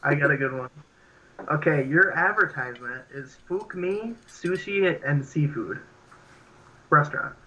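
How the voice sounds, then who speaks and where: Bright-voiced rambling young man. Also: fairly high pitch, expressive, a little slow, muffled recording. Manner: rambling, laughing, heavy filler words. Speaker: podcast co-host. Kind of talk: casual chat.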